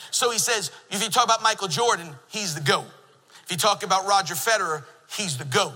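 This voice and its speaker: A middle-aged man preaching a sermon in a church, an animated storyteller who jokes with the congregation. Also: high-pitched, fairly quick, long reverb tail, low-quality recording. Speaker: pastor. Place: church sanctuary.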